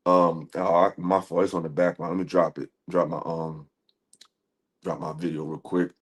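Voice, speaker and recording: A man's voice: low-pitched, flat delivery, moderate pace. A man hosting a live stream, talking casually to his audience in loose slang with many fillers. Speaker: livestream host.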